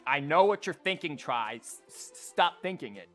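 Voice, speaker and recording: A man's voice: fairly high pitch, animated, moderate pace, a bit bright, soft background music. A male streamer chatting casually on a livestream, rambling and stammering as he plays a card game and talks to chat.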